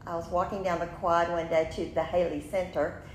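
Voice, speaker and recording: A woman in her fifties, a podcast host, telling a personal story in an animated way, laughing often and acting out what people said. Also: lowish voice, a little fast. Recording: roomy room with faint noise.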